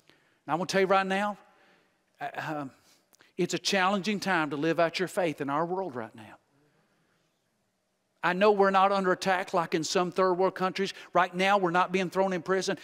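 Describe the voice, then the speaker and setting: A male guest preacher giving a revival sermon, folksy and joking, swinging from loud exhortation to hushed intensity. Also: high voice.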